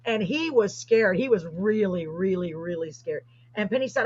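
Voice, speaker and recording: Pitched on the high side and speaking fairly quickly, the female host retells a story with animated excitement during a casual chat. It comes through dull, lo-fi livestream audio.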